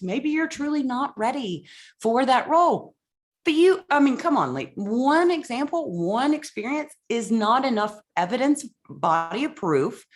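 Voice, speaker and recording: A woman coach hosting a motivational podcast, blunt and emphatic, swearing freely. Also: medium pitch.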